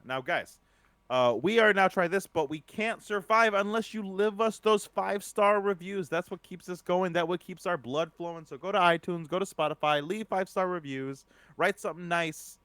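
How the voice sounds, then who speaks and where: An upbeat male podcast co-host with a slightly high voice, teasing his partner and pushing listeners toward reviews. He sits close to a dry-sounding mic. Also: moderate pace, a bit bright, dry recording. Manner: upbeat and teasing, does the show plugs. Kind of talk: casual podcast chat.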